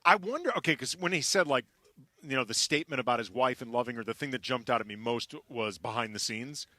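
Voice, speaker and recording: Joking male co-host, bright voice. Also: medium pitch, expressive, dry recording. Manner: quick, joking banter. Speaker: sports radio co-host. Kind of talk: casual sports talk radio.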